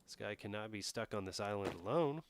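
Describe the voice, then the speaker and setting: A man's voice: fairly low pitch, expressive, fairly quick. A man streaming a strategy game, thinking aloud and chatting with his viewers in a casual way. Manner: thinks aloud, talks to chat. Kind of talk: casual live-stream commentary while playing a strategy game.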